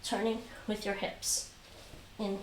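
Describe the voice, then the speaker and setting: Slowly and with a flat delivery, a woman in a mid-range voice guides viewers through a live home taekwondo session. She patiently repeats instructions and counts each rep out loud. The audio has roomy echo, a distant mic, and faint background noise.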